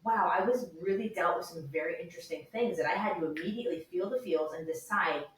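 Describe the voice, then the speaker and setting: A woman's voice: on the low side, quick pace, recorded from a distance, slight background noise. A woman in her thirties hosting a casual podcast conversation, enthusiastic and full of "like", laughing often. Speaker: podcast host. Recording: echoey room, voice off the mic.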